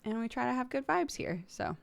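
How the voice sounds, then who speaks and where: A woman's voice: on the high side, expressive, a little fast, creaky. A young American woman hosting a casual livestream, chatting to her viewers and laughing often. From United States. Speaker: livestream host.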